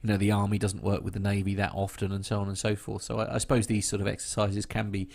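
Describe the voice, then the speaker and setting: A man's voice: lowish voice, monotone, quick pace, vocal fry, a little mellow. A man co-hosting a podcast, chatting loosely with frequent hesitations and little laughs. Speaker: podcast co-host. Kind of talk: casual chat.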